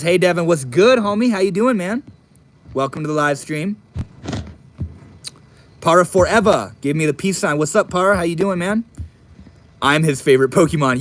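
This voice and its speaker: A young man casually chatting on a live stream, reading and answering chat messages in a relaxed, profane drawl. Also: mid-range voice. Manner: laid-back, swears often, drawls.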